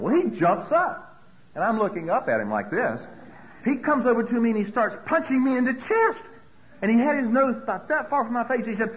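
A man sharing his recovery story from a podium as a personal testimony, telling it in an animated way and acting out other people's voices. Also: very high-pitched, brisk. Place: speaking at a podium. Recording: dull lo-fi recording with faint hiss.

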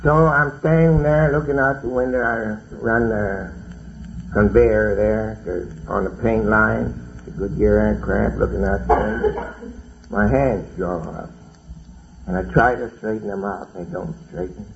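Middle-aged man, gravelly, folksy testimony talk, muffled old lo-fi tape. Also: lowish voice, a little slow. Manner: plainspoken, folksy storytelling with dialect grammar. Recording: dull lo-fi recording with faint hiss.

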